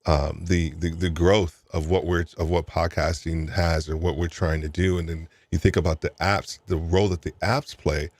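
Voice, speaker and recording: Deep-voiced male podcast host. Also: steady tone, normal speed, hardly any pauses, darkish tone, no room sound. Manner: rambling with repeated words. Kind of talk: casual interview chat.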